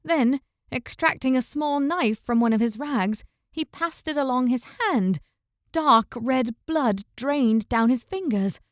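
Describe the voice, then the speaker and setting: High-voiced woman narrating a fantasy audiobook. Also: animated, slow, dry recording. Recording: dry, close recording.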